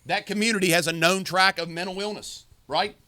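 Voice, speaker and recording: A man co-hosts a podcast in forceful, preachy, profane talk. His voice is bright and a little high. The recording is dry and close. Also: steady tone, brisk, dry recording. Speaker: podcast co-host. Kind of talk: heated casual talk.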